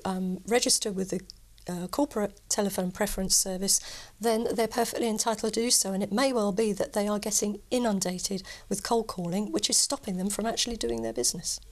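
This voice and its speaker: A woman lawyer answers questions as a guest in a TV studio. She is firm and precise. Her voice is mid-pitched. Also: a little fast. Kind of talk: expert interview answers.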